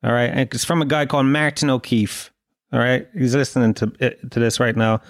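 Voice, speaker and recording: A man's voice: mid-range voice, steady tone, a little fast, dry recording, clean studio sound. A man hosting a comedy podcast, ranting in a profane, self-mocking monologue. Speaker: podcast host.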